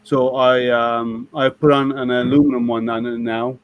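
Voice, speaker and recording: A man's voice: mid-range voice, level tone, normal speed, no echo, muffled recording. A man hosting a casual online maker hangout, chatty and laughing often, trailing off with ums. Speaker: host of a maker hangout stream. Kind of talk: casual chat.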